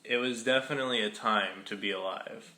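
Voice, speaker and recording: A man's voice: fairly low pitch, a little fast, bright, forceful tone. A young man co-hosting a podcast in casual chat, laid-back and swearing often. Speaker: podcast co-host. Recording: echoey room with faint background noise.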